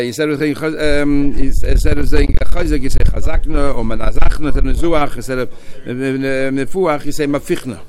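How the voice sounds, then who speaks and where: Man, Talmud teacher, mid-pitched voice, talks through text with restarts and Hebrew terms. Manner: explains in a Yeshivish mix of Hebrew and Aramaic terms with English, with many restarts. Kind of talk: Talmud class lecture.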